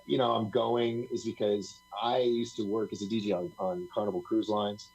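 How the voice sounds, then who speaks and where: There's a gravelly, low-set voice here, a man rambling through stories as a guest on a live stream. His tone is husky and breathy, and he laughs often and acts out other people's lines as he talks. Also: little pitch movement, moderate pace, a little mellow, low-quality recording. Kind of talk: casual storytelling on a live talk stream.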